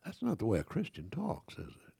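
A man's voice: mid-range voice, wildly swooping pitch, a little fast, creaky, mellow, slightly rough, no room sound. An older man preaching a sermon, reading scripture aloud and turning to the congregation with conversational asides, with frequent self-corrections.

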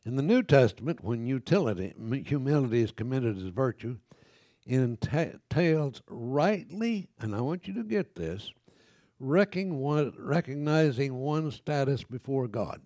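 A man's voice: medium pitch, expressive, measured pace, warm tone, dry recording, clean studio sound. An older man preaching a sermon, reading scripture aloud and turning to the congregation with conversational asides, with frequent self-corrections.

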